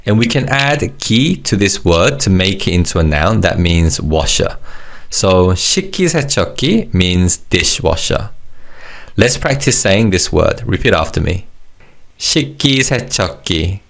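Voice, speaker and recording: A man teaching a recorded language lesson, encouraging and modeling words slowly for learners to repeat. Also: low voice, very animated, gravelly, fairly bright tone.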